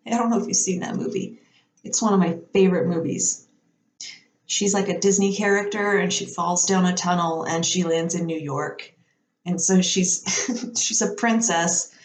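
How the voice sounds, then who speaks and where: A woman telling rambling everyday stories in a casual chat, laughing often and acting out the people she quotes. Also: on the low side. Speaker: podcast speaker. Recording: roomy echo.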